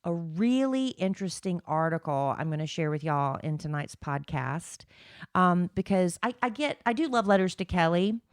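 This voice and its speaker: Chatty woman co-host, lower voice, animated storyteller, dry close mic. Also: moderate pace, smooth, no room sound. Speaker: podcast co-host. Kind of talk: casual chat.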